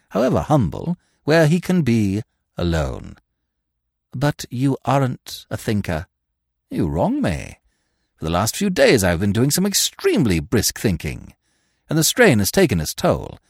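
A man's voice: medium pitch, creaky, dry recording, clean studio sound, full character voice. A male narrator playing a verbose, drily whimsical young Englishman with ornate, pompous phrasing. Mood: wry.

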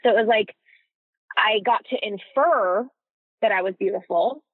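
Husky woman on a tinny line. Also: mid-range voice, moderate pace, dry recording. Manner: reflective, searching for words. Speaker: podcast guest. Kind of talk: personal conversation. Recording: tinny phone-like remote line.

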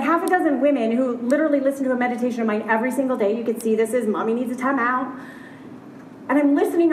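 High-voiced woman giving a lively keynote. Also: a little hiss or hum. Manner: upbeat, candid, chatty with quick asides. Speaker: keynote speaker. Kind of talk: live conference keynote talk. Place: large conference hall. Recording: roomy hall sound, heard from a distance.

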